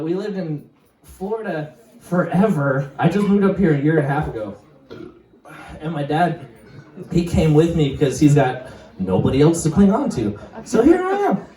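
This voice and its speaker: A man's voice: sits high, darkish tone, recorded from a distance. A young man doing a stand-up set, rambling and profane, laughing at his own stories. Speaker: stand-up comedian. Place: comedy club stage. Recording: roomy stage mic, heard from afar, audience. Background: crowd laughing.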